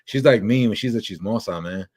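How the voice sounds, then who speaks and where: A lively man with a fairly low voice tells a story in a relaxed podcast chat. He jumps into quick impressions of his family as he talks. He sounds like a man in his thirties. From Mexican American family. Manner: animated storyteller, acts out quotes of family members. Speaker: podcast host.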